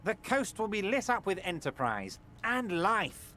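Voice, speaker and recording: An actor playing a jovial, scheming, heavyset male union boss in a video game, speaking in a booming, self-assured, sweeping way. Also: sing-song, unhurried, pushed and bright, slight background noise, exaggerated voice. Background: game music.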